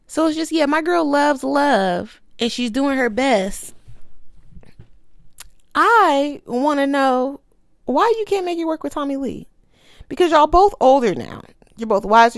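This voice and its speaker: A woman's voice: fairly high pitch, dry recording, studio quality. A young woman giving a sassy, emphatic casual commentary as she reviews a documentary.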